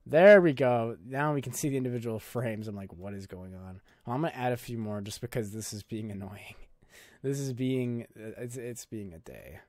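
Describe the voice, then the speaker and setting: A man's voice: fairly low pitch, normal speed, darkish tone, no room sound, clean studio sound. A young man hosting a casual screen-recorded video editing tutorial, talking in a loose, jokey, filler-heavy way. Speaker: YouTube tutorial host.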